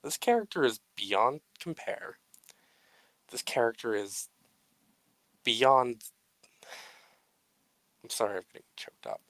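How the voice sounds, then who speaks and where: A man with a bright, forceful voice hosting a loose, unedited podcast. He swings between offhand swearing and overblown mock-heroic praise, and the sound is close and dry with almost no room. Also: medium pitch, expressive, slow pace, long pauses, no room sound, low-quality recording. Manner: mock-grandiose speeches, swearing, laughing at himself. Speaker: podcast co-host. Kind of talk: casual unedited chat.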